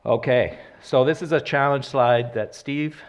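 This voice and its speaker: A man's voice: medium pitch, unhurried. A man giving a church sermon in a conversational way, telling personal stories and reading scripture, with restarts and corrections. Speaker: church speaker.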